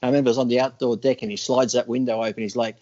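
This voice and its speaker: A man telling gym stories in casual chat, acting out other people's lines in loud bursts. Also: mid-range voice, fairly even intonation, racing, muffled recording. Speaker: podcast guest.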